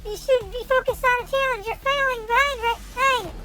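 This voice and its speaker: Very high-pitched animated young woman streamer. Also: a little fast, faint music behind, poor audio. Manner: animated, reads lines aloud with stumbles and excited outbursts. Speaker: VTuber streamer. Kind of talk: reading a game's text aloud with commentary.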